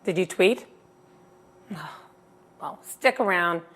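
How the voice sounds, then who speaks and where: A woman's voice: on the low side, slow pace. A woman hosting a comedy show with wry, self-deprecating banter. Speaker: host.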